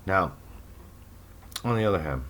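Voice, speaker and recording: A man's voice: low voice, expressive, a little slow, a bit bright, slight background noise. A man hosting a casual monologue for his listeners, talking in a sarcastic, rambling way with mocking asides. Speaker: podcast host.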